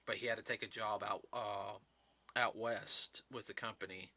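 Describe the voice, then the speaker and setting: A man hosting a casual talk show, speaking in an earnest, rambling way with halting restarts. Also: lowish voice, steady tone, pushed and bright. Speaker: host. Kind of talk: casual chat.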